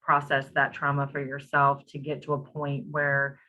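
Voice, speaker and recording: A woman's voice: low voice, completely flat delivery, moderate pace, bright, forceful tone, rough recording. A woman hosting an online talk, reading out audience questions in a conversational way with many fillers. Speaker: host, moderator.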